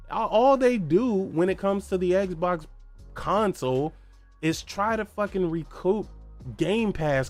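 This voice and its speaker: A man with a fairly high voice rants through a solo gaming podcast. He is heated, profane and mocking, and keeps hammering at rhetorical questions. Faint music plays softly underneath. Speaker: podcast host.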